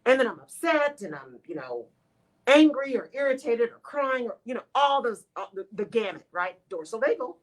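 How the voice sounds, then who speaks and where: A woman with a lilt hosts a motivational radio talk. Her voice sits a little high, and she talks straight to her listeners in an expressive, animated way. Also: moderate pace, low-quality recording. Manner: expressive, talks to listeners as "y'all", acts out her own inner voice. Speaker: radio show host.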